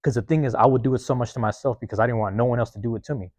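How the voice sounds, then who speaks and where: This podcast host talks rapid-fire in a mid-range, darkish voice on a dry recording. He rambles through a casual, profane, streetwise monologue, turning self-reflective and repeatedly checking in with the people listening.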